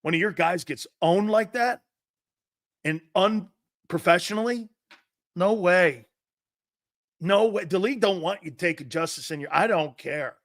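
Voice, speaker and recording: A man's voice: sits high, measured pace, long pauses, a bit bright, dry recording, clean studio sound. A man hosting a live sports talk show, reading viewer comments and ranting in a brash, profane, fired-up way.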